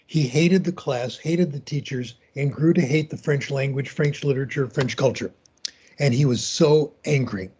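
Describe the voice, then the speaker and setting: Husky older man lecturing over video call. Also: mid-range voice, a little mellow, dull audio. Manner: conversational, storytelling, unhurried. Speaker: guest lecturer. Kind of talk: lecture with anecdotes.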